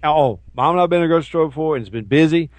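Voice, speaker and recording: A man co-hosting a casual talk show, ranting in an animated way and mocking people with put-on voices. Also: a little high, very fast, dry recording. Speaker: co-host. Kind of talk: casual chat show banter.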